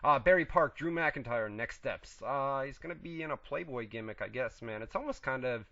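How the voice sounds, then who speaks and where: A man hosts a casual wrestling talk radio show, bantering and swearing freely at his co-host. His voice sits at an ordinary pitch and sounds dry and close. The recording is dull and lo-fi. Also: lively intonation, normal speed, gravelly, bright, forceful tone, no echo. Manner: profane, teasing banter. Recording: muffled lo-fi internet radio.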